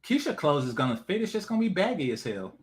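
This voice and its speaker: A man's voice: fairly high pitch, very animated, fast talker, breathy edge. A man hosting a reaction commentary, mocking and repetitive with plenty of profanity. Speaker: commentary channel host.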